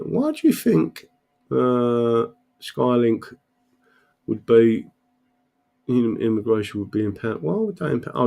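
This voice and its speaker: An older man chats casually, telling rambling stories, swearing often and checking in with "right?". His voice is on the low side, darkish in tone, with vocal fry.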